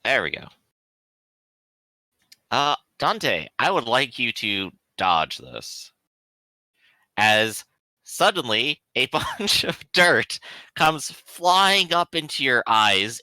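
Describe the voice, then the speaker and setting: Bright, lively man running the game. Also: medium pitch, drawn-out words, pauses often, no room sound. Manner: lively, descriptive narration. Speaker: game master. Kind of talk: narrating a tabletop game.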